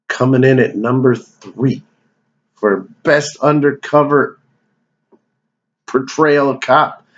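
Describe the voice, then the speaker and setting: A man talks through his favorite movies in a loose, rambling vlog, swearing and joking as he wanders off topic. His voice sits in an ordinary middle pitch. The home recording sounds a little dull and muffled. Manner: digressive, profane, joking. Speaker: movie review vlogger. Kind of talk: casual rambling movie rundown.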